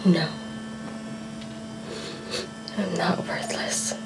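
A tormented young soldier woman in a film drama, slow and strained, dropping to whispers and breaking into outbursts. Her lines sit over a steady electrical hum and noise. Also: fairly low pitch. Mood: self-loathing. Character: soldier woman battling PTSD and inner self-loathing.

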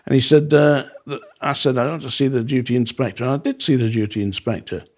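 A man's voice: mid-range voice, quick pace. A man, a former prison officer, telling his stories in a casual podcast chat and acting out the dialogue in them. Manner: animated, acts out quoted dialogue. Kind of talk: casual storytelling.

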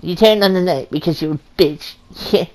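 A woman's voice: fairly low pitch, moderate pace, a little mellow. A woman co-playing a story game, crude and teasing, laughing and swearing as she talks. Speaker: co-player voicing a ghost companion. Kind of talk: profane casual gameplay chat.

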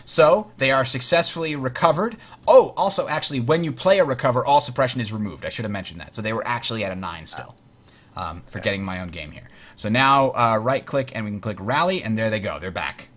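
A man's voice: medium pitch, lively intonation, a little fast, a bit bright. A man hosting a game tutorial, explaining rules step by step while playing, correcting himself with frequent fillers. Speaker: host teaching a board game.

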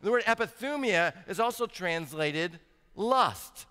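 A male pastor preaching to his congregation in a church sanctuary. His voice is bright and ringing and sits a little high, and it carries a long reverb through the hall. He slows down for scripture readings and then builds to an emphatic, rising pitch. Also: lively intonation. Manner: reads scripture slowly and deliberately. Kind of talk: sermon.

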